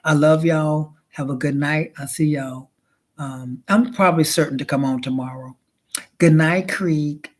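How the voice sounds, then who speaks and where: A woman's voice: low-pitched, fairly even intonation, measured pace. A woman hosting a casual, comic livestream, sassy and drawling, who keeps calling her listeners honey. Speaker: livestream host. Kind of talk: casual comedic livestream chat.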